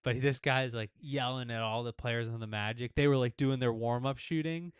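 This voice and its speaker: A man co-hosting a casual sports podcast, chatting in a relaxed way with lots of "yeah" and filler words. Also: mid-range voice, moderate pace, clear, resonant tone, dry recording. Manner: laid-back, fillers and frequent "yeah" agreement. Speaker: podcast co-host.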